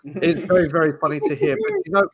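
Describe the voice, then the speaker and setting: A man in casual chat, telling animated stories with frequent restarts. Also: a little high, quick pace, gravelly, a crowd in the background. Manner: animated, storytelling, restarts often. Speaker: podcast panelist.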